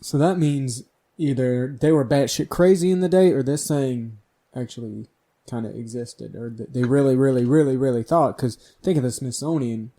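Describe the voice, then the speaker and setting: Wisecracking podcast co-host, mellow dark tone, loose and casual. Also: mid-range voice, normal speed. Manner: wisecracking, swears freely. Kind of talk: casual chat.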